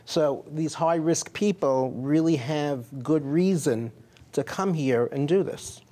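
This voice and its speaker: A man's voice: fairly high pitch, takes it slowly, warm tone. A man, a physician hosting a health interview, asking leading questions and summarizing. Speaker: physician host. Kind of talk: medical interview.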